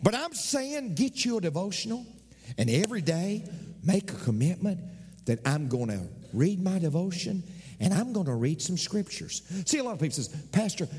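A middle-aged man preaching a sermon as pastor, swinging from shouts down to whispers. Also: high voice, slightly rough, long reverb tail.

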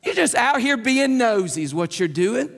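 A man's voice: very high-pitched, very animated, moderate pace, creaky, full character voice. A man voicing a scornful older brother who mocks his younger sibling. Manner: scornful, sneering. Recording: long hall reverb.

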